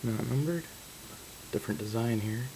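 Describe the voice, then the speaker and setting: A man's voice: medium pitch, moderate pace, creaky, noisy background. A man opening trading card boxes on camera, reading out card names and breaking into stunned exclamations. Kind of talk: casual card-break commentary.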